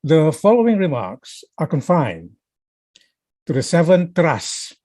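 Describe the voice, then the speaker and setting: A man reads his prepared lecture as a guest professor. He speaks slowly and deliberately, like a newscaster, in a somewhat husky voice. The recording is dry, with no room sound. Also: fairly high pitch, sing-song, a little mellow, dry recording. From Malaysia. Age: 70s.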